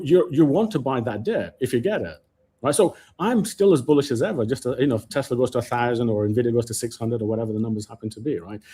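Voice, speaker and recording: A man's voice: medium pitch, breathy edge. A man debating stock market timing on a casual live show, talking over others and restarting his sentences. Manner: animated, talks over others, many restarts. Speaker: market commentator.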